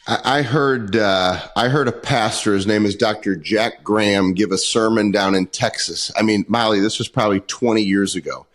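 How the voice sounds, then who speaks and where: A man's voice: on the low side, normal speed, hardly any pauses, fairly bright tone. A man in his forties, a performance coach talking in a podcast interview, earnest and full of stories, often acting out the dialogue he quotes.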